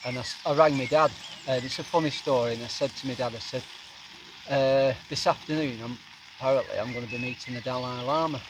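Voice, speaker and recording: A middle-aged man, telling a funny story in an animated way. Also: medium pitch, fast. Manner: animated, breaks into quoted voices and laughs. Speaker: guest camper. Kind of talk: casual storytelling by a campfire. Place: outdoors at a lakeside camp. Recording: noisy outdoor recording, sizzling campfire.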